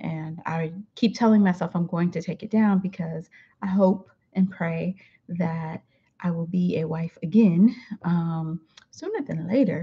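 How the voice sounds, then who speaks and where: A woman's voice: lowish voice, creaky, breathy edge. A middle-aged woman hosting a weekly affirmation talk, chatting casually to the camera from her home with many fillers. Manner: warm-hearted, chatty, many fillers, laughs easily. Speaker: host of a weekly affirmation show. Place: home room. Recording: dull lo-fi recording.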